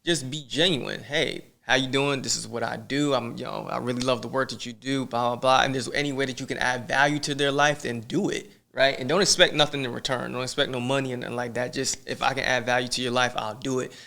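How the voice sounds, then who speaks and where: A man's voice: medium pitch, quick pace, creaky, hardly any pauses. A man hosting a podcast, talking in a casual, slangy way and giving advice straight to his listeners. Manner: animated, preachy, slangy, addresses listeners directly. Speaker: podcast host. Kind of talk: motivational casual chat.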